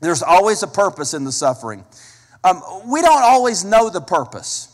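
A man's voice: sits high, sing-song, normal speed. A man preaching a sermon as a pastor, emphatic, repeating key phrases and asking the listeners direct questions. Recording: long hall reverb.

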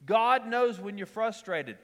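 A man with a high voice preaches a conversational sermon, driving his points home by repeating short lines. He is middle-aged and slips easily into casual personal anecdotes. His voice carries a long reverb tail, as if he is in a large sanctuary. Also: lively intonation, takes it slowly, fairly bright tone. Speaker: pastor.

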